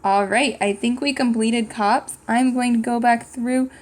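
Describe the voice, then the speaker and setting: A woman's voice: fairly high pitch, fairly even intonation, unhurried, a little mellow. A woman teaching a writing lesson to young children, patiently thinking aloud and sounding out words. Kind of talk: slow, clear classroom lesson for young children.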